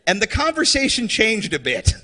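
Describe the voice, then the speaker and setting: A man performing a stand-up comedy set on stage, animated and slipping into mocking character voices. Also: sits high, normal speed, big-room sound. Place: comedy stage before a live audience.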